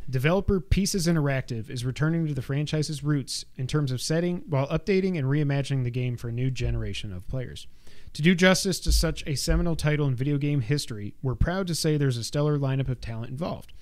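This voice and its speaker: A man's voice: fairly high pitch, darkish tone. A man co-hosting a podcast from home, reading a press release aloud with joking asides and telling stories in casual chat. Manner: reads press copy with asides and jokes. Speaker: podcast co-host.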